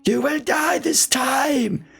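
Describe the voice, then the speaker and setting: A man voicing a cruel male Fade monster, reading its threats slowly in a raised voice. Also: creaky, fairly bright tone, soft background music, full character voice. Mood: menacing. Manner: slow, high, drawn-out threats.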